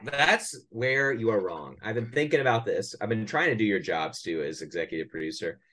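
Deep-voiced man doing a mock sales pitch. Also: expressive, fairly quick, pushed and bright. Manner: mock-salesy pitch full of restarts and stammers. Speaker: podcast co-host. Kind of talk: casual podcast chat. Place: his bedroom at home.

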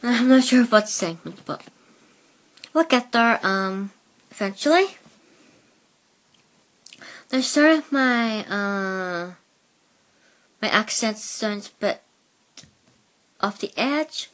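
A woman's voice: mid-range voice, animated, slow pace, long pauses, a bit bright. A woman from Northern Ireland with a mixed Belfast and Plymouth accent, hosting a casual solo podcast on a headset mic, rambling hesitantly with many fillers. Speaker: podcast host.

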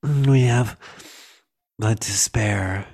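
Dude doing a slow purring alien villain lady, menacing. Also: fairly low pitch, a little mellow. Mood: sultry.

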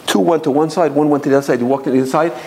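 Fast-talking animated male religious storyteller. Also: on the high side, slight background noise. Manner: animated, repetitive restarts, Hebrew and Yiddish terms. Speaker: religious teacher. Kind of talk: storytelling sermon.

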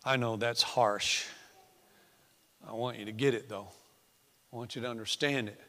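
A man preaching a sermon in a church, swinging between hushed, intimate lines and loud, emphatic ones. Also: medium pitch, steady tone, normal speed. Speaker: pastor. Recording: echoey church hall.

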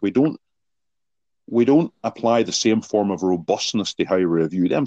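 Male podcast guest, low and deep, earnest explainer, dry, muffled sound. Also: darkish tone, dry recording. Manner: earnest, explanatory, poses rhetorical questions. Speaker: guest, sports psychology author. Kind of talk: podcast interview answers with anecdotes. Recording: dull lo-fi sound.

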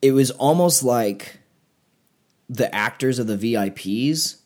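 A man's voice: mid-range voice, slow. A man co-hosting a podcast, talking in a rambling, casual way with many fillers. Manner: rambling, filler-heavy, animated when mocking. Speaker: podcast co-host. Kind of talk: casual chat.

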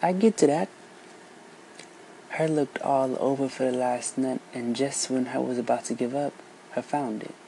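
A storyteller reading a folk tale aloud, unhurried and lilting, switching voices for each character. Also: mid-range voice, steady tone, vocal fry, dark tone, a little hiss or hum, low-quality recording.

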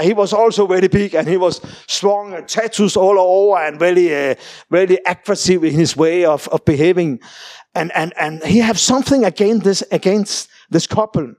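A man telling a faith testimony in halting, broken English, animated and full of restarts. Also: high voice, dry recording, studio quality. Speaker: guest sharing a testimony.

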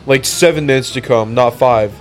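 A man's voice: mid-range voice, moderate pace, soft background music. A young man co-hosting a podcast, trading provocative, mocking jokes in casual banter. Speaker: podcast co-host.

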